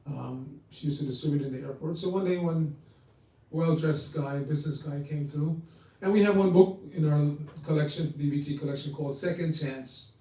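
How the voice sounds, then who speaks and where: Brief: male preacher, mellow tone, storytelling sermon, heard from across a reverberant hall. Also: fairly high pitch. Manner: storytelling, acts out quoted voices. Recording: echoey hall, voice from far off.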